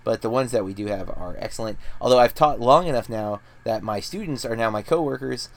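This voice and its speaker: A man's voice: mid-range voice, brisk. A man in his thirties, a podcast co-host telling rambling, self-deprecating stories in casual chat.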